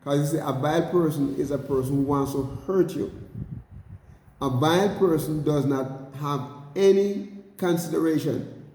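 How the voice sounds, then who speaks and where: A man teaching a bible study, speaking haltingly with many repeated words and addressing his listeners as brothers and sisters. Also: fairly high pitch, dark tone. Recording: roomy hall with long reverb.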